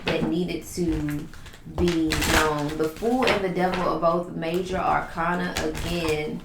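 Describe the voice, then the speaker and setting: A woman's voice: low-pitched, fairly even intonation, takes it slowly, creaky, reverberant, heavy background noise. A woman giving a spiritual tarot reading in a flowing, repetitive, affirming way, stacking up lists of phrases. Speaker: tarot reader.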